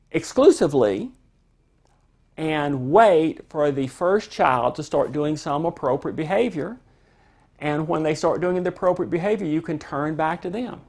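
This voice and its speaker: A parenting instructor talks through the lesson in a calm, unhurried, conversational way. The voice sits mid-range, and the points come with plain household examples. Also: medium pitch, gravelly. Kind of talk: instructional talk to camera.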